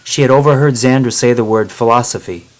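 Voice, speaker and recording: A man narrating a chapter of a travel novel in a steady, plain reading voice. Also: medium pitch, brisk. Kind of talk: storybook narration.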